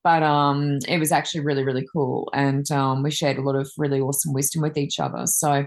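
Chatty Reiki woman, low deep voice, rambling casual stories. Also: little pitch movement, fairly quick. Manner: chatty, rambling, many fillers. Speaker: Reiki master and card reader. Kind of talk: casual chat, telling anecdotes.

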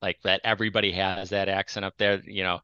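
A man with a Minnesotan accent chatting about a movie on a podcast, lively and acting out quoted lines. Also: low voice, fast, smooth, dry recording, dull audio. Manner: animated, acts out quoted lines. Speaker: podcast co-host. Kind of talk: casual movie-discussion chat.

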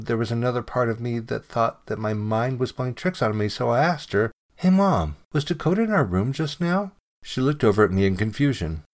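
In a mid-range voice, a man reads aloud a true ghost story someone submitted. His narration is calm and measured, sometimes dropping to a hush.

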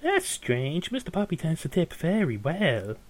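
A man's voice: a little high, huge pitch swings, a little slow, voice pushed up, full character voice. A man voicing a hassled, bored elf receptionist woman who talks curtly and dismissively. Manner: curt, dismissive, mock-polite.

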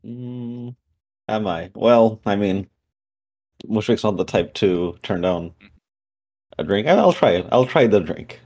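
少し低い声の男性プレイヤー. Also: male voice, on the low side, animated, slow pace, pauses often, darkish tone. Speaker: player. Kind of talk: casual chat in a tabletop game.

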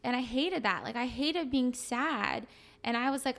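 A young woman talks in a relaxed, chatty way, scattering fillers through her sentences. Her voice sits a bit high and carries a gravelly fry. She speaks as a fitness coach guesting on a podcast. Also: normal speed. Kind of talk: casual emotional conversation.

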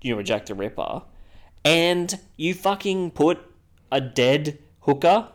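A man's voice: on the high side, big pitch swings, slow, pitched above the performer's own voice. A man playing an earnest younger male politician who demands answers from a ghost, in a podcast role-play. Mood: pleading.

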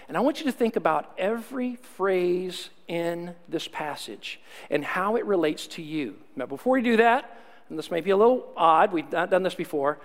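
Man, pastor, sermon, high voice, earnest, soft and slow on scripture. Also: long reverb tail. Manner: earnest, slows and softens to near whisper reading scripture.

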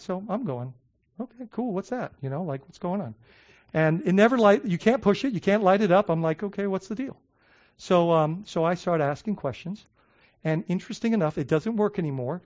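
A male pastor tells his story in a rambling, chatty way full of "like" and "um." His voice sits a little high for a man. When he reaches his main points he slows down and leans on each word, and the recording sounds a bit dull and lo-fi. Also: a little mellow. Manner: conversational storytelling with many fillers and restarts. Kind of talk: sermon.

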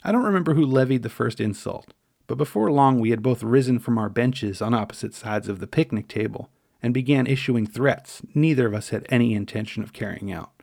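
Middle-aged man, wry memoir narrator, gravelly voice, dry close recording. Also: mid-range voice, a little mellow, no echo. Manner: wry, measured, dryly humorous. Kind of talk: memoir storytelling.

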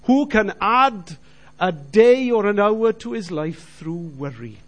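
A man's voice: high voice, expressive, takes it slowly. Earnest middle-aged man telling his testimony. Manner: earnest storytelling, direct appeals to listeners. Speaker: Christian businessman giving testimony. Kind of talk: personal faith testimony.

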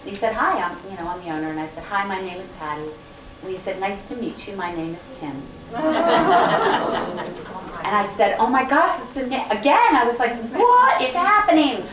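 Animated woman telling stories in a roomy hall. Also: medium pitch, moderate pace, long pauses, heavy background noise. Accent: Southern American. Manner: animated, laughing storyteller. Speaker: guest author. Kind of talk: storytelling to a live audience. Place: event room with audience. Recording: roomy, distant mic with faint ambience.

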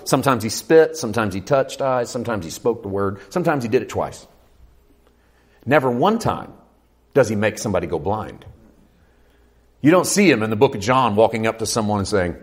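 A man preaching a sermon, animated and swinging from loud, urgent passages to hushed ones, acting out quoted voices and putting questions to the congregation. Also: fairly low pitch, husky.

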